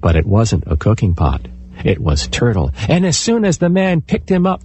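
A man telling a folktale aloud in an expressive, animated way. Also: on the high side, moderate pace, breathy edge, dry recording. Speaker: storyteller. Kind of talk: oral folktale storytelling.

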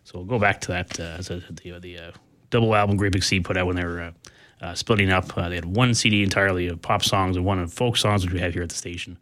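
A man from Canada hosting a radio show in a casual, halting way, with many filler sounds as he reads the weather and introduces songs. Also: deep voice, fairly even intonation, a bit bright. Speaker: radio host.

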